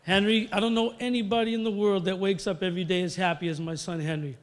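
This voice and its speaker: A middle-aged man tells rambling stories into a podium microphone, full of fillers and restarts. His voice sits a bit high for a man. A long reverb from the big hall trails each phrase. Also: steady tone, fast. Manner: rambling, storytelling, many fillers. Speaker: hall of fame inductee. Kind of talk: acceptance speech.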